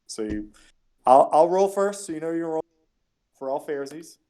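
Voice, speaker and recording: A man's voice: fairly high pitch, expressive, normal speed, warm tone. A man narrating as game master of a tabletop game, chatty and rambling with many fillers.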